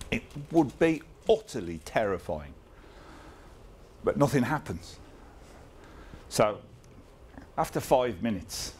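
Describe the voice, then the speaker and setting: A man's voice: lowish voice, a little mellow, a little hiss or hum. A man in his fifties giving an informal talk to an audience, wry and self-deprecating, often chuckling as he tells his story. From England. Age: 50s. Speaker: guest speaker.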